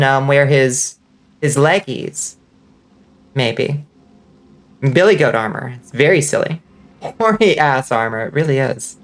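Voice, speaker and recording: A woman with a faint Southern accent and a slight lisp, giving casual gaming commentary while enunciating clearly. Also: deep voice. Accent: subtle Southern US. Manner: clear enunciation, swears and laughs often. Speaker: vtuber streamer.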